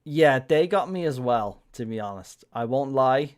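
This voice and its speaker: A man's voice: mid-range voice, expressive, a little slow. A man streaming a game, talking candidly and emotionally, with casual swearing. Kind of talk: casual live-stream commentary. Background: game music.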